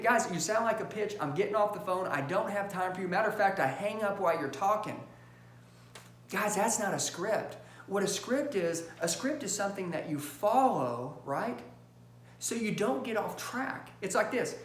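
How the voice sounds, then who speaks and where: A man coaching salespeople in an emphatic, punchy style, acting out phone calls in quick bursts and checking in with his audience. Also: high voice, expressive. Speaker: sales trainer. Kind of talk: high-energy sales training talk. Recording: roomy echo with faint hum.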